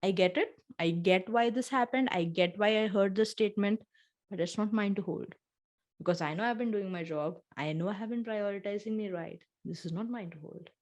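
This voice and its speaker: This woman co-hosting a podcast has a medium-pitched, slightly mellow voice and talks a little fast. During the casual heart-to-heart, she reflects earnestly and describes her own feelings vividly.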